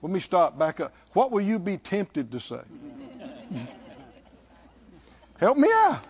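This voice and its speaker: Male pastor, middle-aged, emphatic sermon delivery, lively pitch, slightly dull recording. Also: measured pace, husky, some chatter behind. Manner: emphatic, calls out to the congregation.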